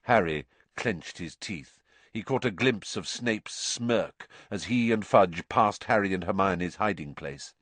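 A man narrating a storybook audiobook with expressive, varied reading. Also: low voice, measured pace, no echo.

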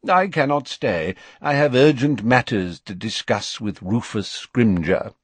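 A man voicing an old, courteous and calm wizard headmaster in an audiobook reading. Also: medium pitch, slightly rough, no echo. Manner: courteous, measured.

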